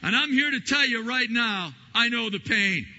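A man preaching a sermon as pastor, telling stories and acting out the quotes with lively energy. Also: extremely high pitch, moderate pace, slight background noise. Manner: animated storytelling, acting out quotes. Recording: lo-fi recording in a reverberant hall.

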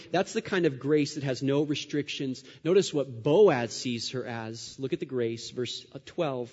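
Earnest preacher in a reverberant hall. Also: male voice, mid-range voice, a little slow, few pauses, breathy edge. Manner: earnest, repeats phrases and builds to loud emphatic rises. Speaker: pastor. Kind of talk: sermon. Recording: dull sound with long hall reverb.

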